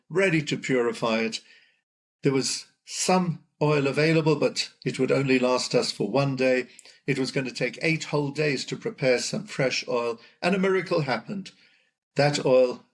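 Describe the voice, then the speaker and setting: An older man, a chief rabbi, guest on an interview podcast, telling stories in a measured way. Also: medium pitch. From United Kingdom. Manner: measured, storytelling delivery. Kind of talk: interview conversation.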